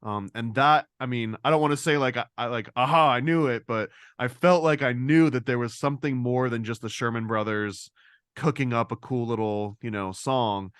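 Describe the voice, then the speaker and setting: An animated man co-hosting a casual discussion podcast. He talks quickly and acts out quotes with a pitch jump. His voice is recorded dry and close, with no room sound. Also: clear, resonant tone, no room sound. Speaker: podcast co-host.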